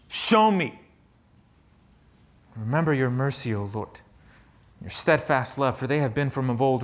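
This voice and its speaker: Male pastor, slightly high voice, sermon delivery that swings from hushed to fervent. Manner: swings from hushed to fervent, reads scripture aloud.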